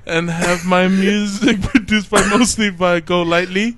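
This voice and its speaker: A man introducing himself as a musician guest in casual chat, halting and laughing as he goes. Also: high-pitched, fairly even intonation. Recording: noisy, clicky lo-fi recording.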